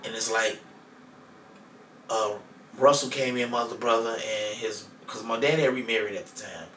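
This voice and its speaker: A man on a podcast telling a personal story in a casual, profane way, going from loud to hushed. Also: on the low side, moderate pace. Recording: echoey room, mic far off, faint noise.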